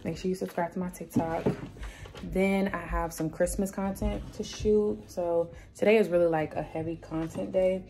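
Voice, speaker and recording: A woman's voice: lowish voice, steady tone, moderate pace, gravelly, noisy background. A young woman chatting upbeat and straight to her viewers in a casual vlog, calling them y'all. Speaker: lifestyle vlogger.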